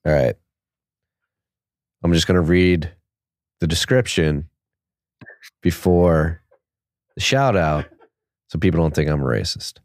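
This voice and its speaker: Very deep-voiced podcast host. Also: male voice, slow, long pauses, darkish tone, dry recording, studio quality. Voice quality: loose, rambling, many fillers. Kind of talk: casual chat.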